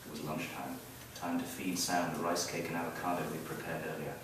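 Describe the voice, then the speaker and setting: A man reading his own story aloud at a live event, wry and expressive, building up the action. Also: a bass voice, a little fast, noisy background. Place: event hall, heard from the audience area. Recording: very echoey hall, mic far off.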